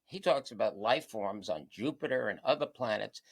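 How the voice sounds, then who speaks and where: A man chatting as a guest on a local TV talk show, telling anecdotes with lively energy. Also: lowish voice, normal speed, creaky, breathy edge. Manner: animated anecdotal storyteller. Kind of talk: casual chat, storytelling. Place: local TV studio.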